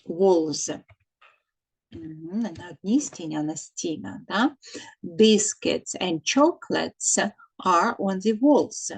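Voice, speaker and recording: Slow-paced woman teacher. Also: fairly low pitch, breathy edge, low-quality recording. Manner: slow and repetitive, dictating answers, translating into Ukrainian. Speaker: English teacher. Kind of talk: recorded English lesson for children.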